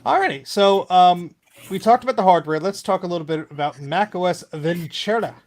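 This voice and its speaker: Slightly high, chatty male podcast host. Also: fairly quick, a little mellow. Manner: chatty, loose, joking, lots of fillers. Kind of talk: casual tech podcast chat.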